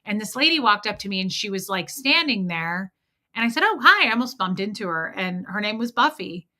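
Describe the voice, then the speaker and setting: A woman's voice: medium pitch, animated, fairly quick, sharp tone. A woman hosting a livestream, telling personal stories in a chatty way and reading out viewer comments. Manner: chatty storytelling, frequent "like" fillers. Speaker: livestream host.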